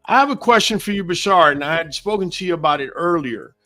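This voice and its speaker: A man hosting a casual interview, relaxed and laid-back, with frequent fillers and slang. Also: high-pitched, fast, soft background music. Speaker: podcast host.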